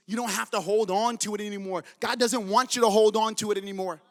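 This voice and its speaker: A man's voice: high voice, fast, hardly any pauses, a bit bright. A man preaching a sermon as pastor in a church, urging his congregation with fervent conviction. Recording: long reverb of a large church hall.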